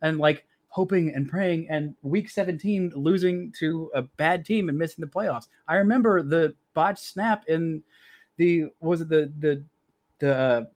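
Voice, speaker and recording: A man's voice: a little high, a little slow, a little mellow, dry recording. A young man hosting a podcast, chatting casually and self-deprecatingly about being a sports fan. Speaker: podcast host.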